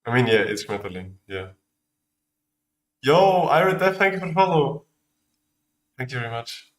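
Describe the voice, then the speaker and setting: While building a game live, an Austrian streamer who speaks German natively chats casually in an Austrian German accent, only half-focused as he works. He sounds animated, with a medium pitch and moderate pace.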